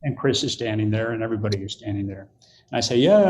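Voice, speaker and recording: A man's voice: lowish voice, animated, quick pace, a little mellow, a little hiss or hum. An older man, a podcast guest, telling a story in conversation and acting out the quoted voices.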